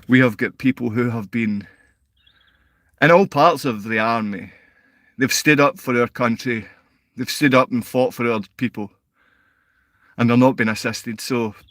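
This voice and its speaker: On a dry recording, a man from Scotland with a mid-range voice talks at a measured pace with long pauses. He's a livestream host and father, and his replies to chat comments turn into a combative, insulting rant punctuated by shouts.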